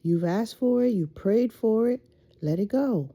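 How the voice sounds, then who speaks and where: Slow, drowsy woman with a dark voice. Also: on the high side, animated. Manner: slow, rambling, lots of fillers and self-talk. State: just woke up. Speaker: faceless content creator. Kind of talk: casual spiritual pep talk.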